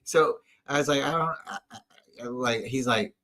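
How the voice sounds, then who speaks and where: A man's voice: mid-range voice, moderate pace, fairly bright tone, poor audio. A man co-hosting a casual sports fan show, telling a long family story with a lot of restarts and asides. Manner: rambling storyteller with many restarts. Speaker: podcast co-host. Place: at home.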